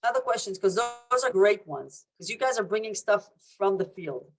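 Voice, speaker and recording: A woman's voice: medium pitch, expressive, normal speed. A woman leading a training session over a video call, emphatic and repeating points for weight, acting out what people say. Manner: warm, emphatic, acts out quotes, repeats for emphasis. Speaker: presenter and trainer. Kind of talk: Q&A training talk. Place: home.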